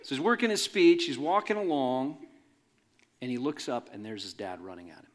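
Male pastor, conversational sermon delivery, big pitch swings, jokes with the congregation. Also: animated, moderate pace. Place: church in front of a congregation.

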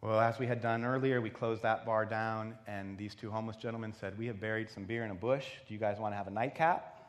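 A man preaching, telling a personal story in an intimate way and dropping to a hush for quoted prayer. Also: fairly low pitch, fairly even intonation, quick pace, a little hiss or hum. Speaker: pastor. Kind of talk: sermon storytelling. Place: conference venue.

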